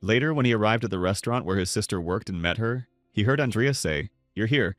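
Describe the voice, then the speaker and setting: A man's voice: lowish voice, animated, quick pace, no room sound, studio quality, soft background music. A man narrating a scripted story recap.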